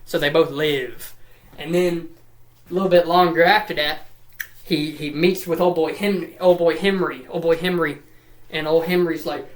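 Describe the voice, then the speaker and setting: A man's voice: on the high side, steady tone, moderate pace, roomy sound. A man rattling through a comedic lore summary, rambling and profane, with repeats and silly put-on voices. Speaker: lore recap commentator.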